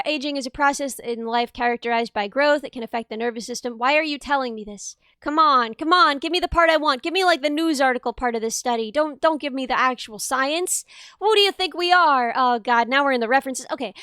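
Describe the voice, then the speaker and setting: Giggly high-voiced young woman streamer. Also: fairly bright tone, no room sound, clean studio sound. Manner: giggly, chatty, reads chat aloud. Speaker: livestreamer. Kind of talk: casual live-stream chat. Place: her bedroom.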